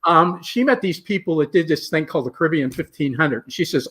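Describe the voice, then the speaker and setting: A man's voice: a little high, fast, fairly bright tone, husky. A man as an interview guest, methodically recounting a long boat trip step by step. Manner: methodical storyteller listing places step by step. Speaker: guest author. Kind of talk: casual interview chat.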